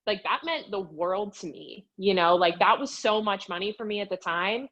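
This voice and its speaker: A woman's voice: mid-range voice, moderate pace, highs cut off. A young woman from western Pennsylvania, a fitness coach guesting on a podcast, telling her story in a chatty way and saying "like" constantly. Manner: chatty, fills speech with "like", animated retelling. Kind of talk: casual storytelling interview.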